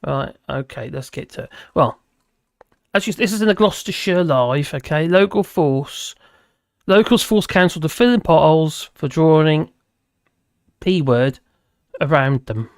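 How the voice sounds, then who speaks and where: A man's voice: on the high side, animated, unhurried, vocal fry, long pauses, no room sound, studio quality. A man hosting a live stream, chatting casually with viewers and rambling between topics while laughing often.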